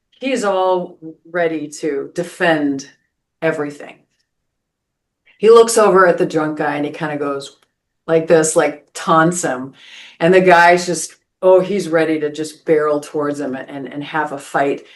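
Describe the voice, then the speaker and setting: Earnest woman pastor, low voice. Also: a little slow. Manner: earnest, many restarts and "right?" asides. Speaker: pastor and podcast host. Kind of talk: spiritual podcast talk, storytelling.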